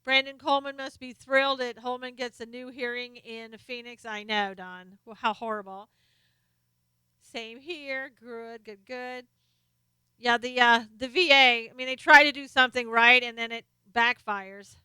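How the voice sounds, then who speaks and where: A chatty middle-aged woman hosts a live stream and greets viewers one by one. Her voice is high and bright, very clear and close, with a dry room around it. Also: steady tone, measured pace, dry recording. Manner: chatty, reads out viewer names and comments. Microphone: desk microphone, sometimes off-axis.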